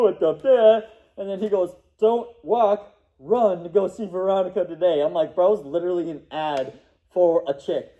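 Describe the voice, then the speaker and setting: Young man, high mellow voice, rambling storyteller, dull lo-fi sound. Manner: rambling, laughing, acts out quotes. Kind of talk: casual storytelling.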